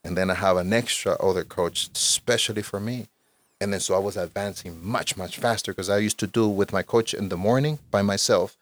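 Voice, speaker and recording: A man in his forties, a guest in casual conversation, telling stories in an animated, profane way and saying "bro" constantly. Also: fairly low pitch, no room sound. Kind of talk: casual storytelling.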